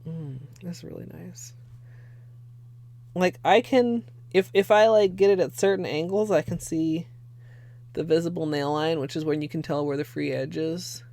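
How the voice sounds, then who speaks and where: A woman's voice: deep voice, normal speed, dark tone. A young woman casually chatting on a livestream while painting her nails, swearing freely and laughing often. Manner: chatty and profane, laughs often, thanks viewers. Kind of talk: casual livestream chat while doing a manicure.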